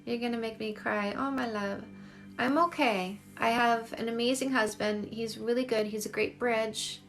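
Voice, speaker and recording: A woman in her forties with a slightly high, gravelly voice speaks frankly into her phone during a live stream. She is a dating coach answering viewers, and she repeats phrases to drive her points home. Faint music plays behind her. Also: steady tone, moderate pace, a bit bright. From Canada. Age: 40s. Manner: candid, emphatic, repeats phrases. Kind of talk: livestream chat answering viewer comments.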